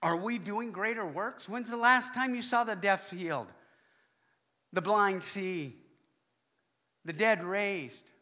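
A man preaching a sermon to his congregation, animated, with loud exclamations and hushed asides. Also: high voice, slow, pauses often. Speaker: pastor.

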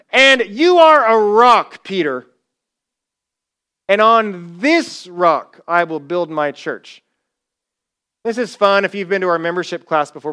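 A man's voice: high voice, sharp tone, clean tone. A male pastor preaching a sermon, telling the story with energy and acting out the quoted lines in a casual, conversational way.

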